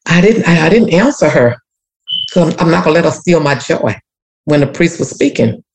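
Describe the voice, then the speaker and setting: A woman's voice: deep voice, animated, moderate pace, darkish tone. A woman telling an emotional personal story as a guest, repeating herself and speaking of prayer. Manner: emotional, repetitive, church-rooted testimony. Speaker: community activist guest.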